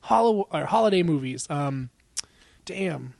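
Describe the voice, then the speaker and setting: A man's voice: fairly high pitch, lively intonation, unhurried, vocal fry, darkish tone, no room sound. A young man co-hosting a podcast in casual chat, rambling and profane, laughing often and acting out quotes. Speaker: podcast co-host.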